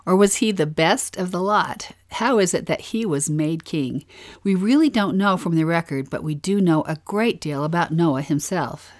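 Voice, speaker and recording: A woman's voice: on the low side, moderate pace, a little mellow. A woman co-hosting a scripture lesson podcast, asking reflective questions and setting the scene. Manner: inquisitive, reflective, asks questions. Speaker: podcast co-host.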